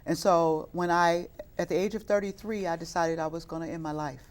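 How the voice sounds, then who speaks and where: This woman's voice sits fairly low, with fairly even intonation and a brisk pace. She's a middle-aged youth minister from the west side of Chicago, and her interview testimony about her life is earnest, building into fervent preaching at times.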